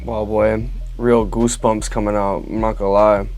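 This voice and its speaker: A man's voice: lowish voice, level tone, moderate pace, a little mellow, faint music behind. A young man who is in the cast reacts to the film in slangy, enthusiastic casual commentary.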